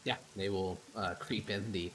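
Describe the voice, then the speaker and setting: A man narrating as game master in a tabletop game, casual and halting with fillers. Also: low voice, steady tone, fairly bright tone, a little hiss or hum.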